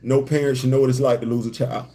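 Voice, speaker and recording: A man's voice: mid-range voice, little pitch movement, fast, warm tone. A man hosting a casual livestream chat from a hotel room, joking and repeating his phrases. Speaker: host.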